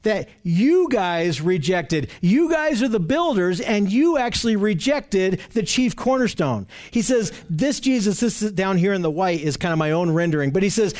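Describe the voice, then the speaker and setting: A man with a high voice delivers a sermon. He presses his points hard, repeating key phrases and restarting sentences as he goes. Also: lively intonation, normal speed, few pauses, darkish tone. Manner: emphatic, repetitive preaching with frequent restarts. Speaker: preacher.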